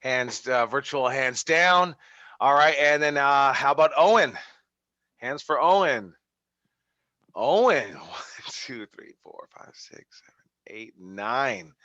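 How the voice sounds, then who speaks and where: A man's voice: medium pitch, pushed and bright, dry recording, dull audio. A man teaching a wrestling class over a video call, giving feedback in a rambling way with many fillers and restarts. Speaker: wrestling instructor.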